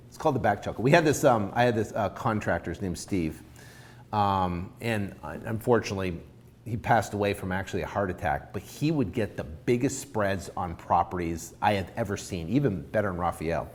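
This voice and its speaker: Animated man coaching on deals. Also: lowish voice, brisk. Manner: animated, acts out both sides of a deal. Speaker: real estate investing coach. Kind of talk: informal coaching talk.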